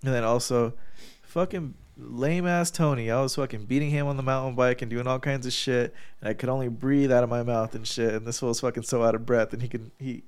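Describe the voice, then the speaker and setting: A man's voice: mid-range voice, fairly even intonation, fairly quick, few pauses, darkish tone, clear, resonant tone. A man chatting casually on a podcast, swearing freely and laughing as he tells a story, with a congested nose after surgery. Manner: profane, storytelling, laughs often. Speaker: podcast co-host. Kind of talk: casual chat.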